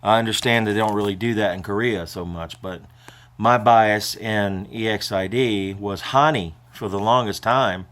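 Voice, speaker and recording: A man's voice: fairly low pitch, normal speed, a bit bright. An older man vlogging in a casual, rambling way, emotional and prone to choking up as he talks.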